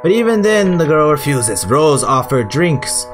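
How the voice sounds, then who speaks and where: A man's voice: on the high side, big pitch swings, a little slow, over music. A man giving casual let's-play commentary, rambling and irreverent, swearing now and then. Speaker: gamer.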